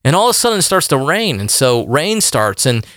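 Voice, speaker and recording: A podcast host telling a story in a casual, rambling monologue. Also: male voice, a little high, a little fast, no room sound, studio quality. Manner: animated, rambling with fillers.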